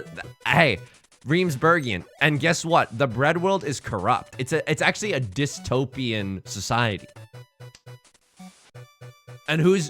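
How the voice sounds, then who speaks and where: A young man streaming a game, chatting casually and rambling excitedly to himself and his viewers. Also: medium pitch. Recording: faint music under the voice.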